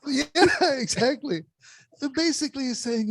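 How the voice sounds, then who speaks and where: Man on a video call, slightly high voice, tells stories with lots of laughter. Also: unhurried, darkish tone, no echo. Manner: laughs often while telling stories. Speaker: satsang speaker. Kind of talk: casual storytelling.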